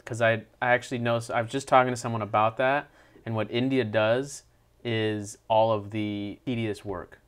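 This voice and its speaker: A man co-hosting a casual movie review, blunt and animated, swearing freely. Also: lowish voice, normal speed, clear, resonant tone. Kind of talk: casual chat.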